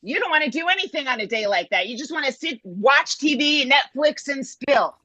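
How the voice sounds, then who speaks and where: A woman's voice: sits high, expressive, moderate pace, sharp tone, no room sound, poor audio. A middle-aged woman doing a brash, punchy stand-up comedy bit on a video call. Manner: brash, punchy joke delivery.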